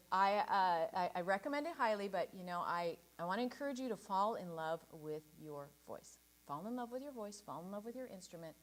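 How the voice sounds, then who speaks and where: A woman leading a choir rehearsal, encouraging the singers and demonstrating breathing and staccato warm-up sounds. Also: lowish voice, slight background noise. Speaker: choir director.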